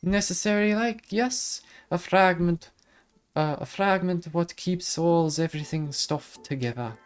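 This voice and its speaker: A man's voice: high-pitched, measured pace, clear, resonant tone, voice pushed up. A man voicing a bouncy, ancient female fairy in a put-on Irish accent, with dreamy, garbled, old-fashioned phrasing. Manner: lilting, garbled archaic phrasing.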